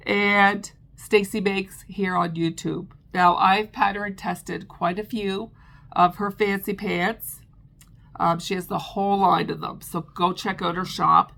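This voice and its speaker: A woman's voice: medium pitch, creaky, fairly bright tone. A middle-aged woman vlogger chatting casually about her crochet, with frequent ums and restarts. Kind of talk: casual chat.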